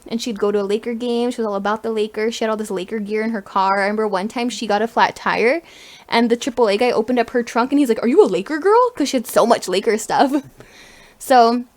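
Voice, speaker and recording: A young woman co-hosting a casual podcast. Her voice sits a little high, and she tells stories animatedly with bits of laughter. The tone stays loose and conversational. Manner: animated, laughs while telling a story. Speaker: podcast co-host. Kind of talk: casual chat and storytelling.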